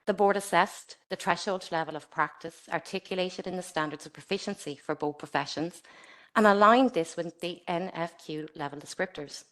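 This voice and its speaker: A woman from Ireland with a slightly low voice delivers a scripted webinar presentation. She reads in a measured, formal way, steady and careful. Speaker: presenter for a regulator.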